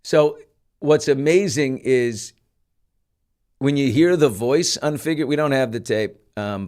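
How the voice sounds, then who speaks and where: A middle-aged man hosting a podcast, commenting casually with lots of fillers and an incredulous tone. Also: fairly high pitch. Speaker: podcast host.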